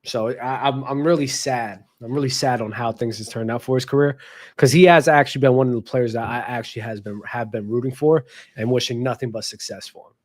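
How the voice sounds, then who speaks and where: Male sports talk host, casual and heated, speaks straight to his audience in slang, mid-pitched voice. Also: fairly even intonation, a little fast. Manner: passionate, addresses viewers directly with slang. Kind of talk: casual basketball commentary vlog.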